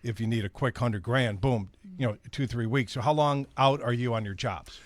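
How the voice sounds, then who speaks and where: A man's voice: medium pitch, moderate pace, no echo. A man from Brooklyn hosting a home-improvement radio show, talking bluntly and casually. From Brooklyn, New York. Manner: blunt, brash.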